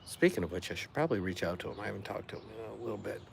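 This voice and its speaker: Man, middle-aged, from the Chicago area, deep-ish voice, casual livestream host, chatty and relaxed. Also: rapid-fire, vocal fry, background noise. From Chicago area, USA. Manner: relaxed, chatty, rambling with fillers. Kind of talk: casual live-stream chat with viewers.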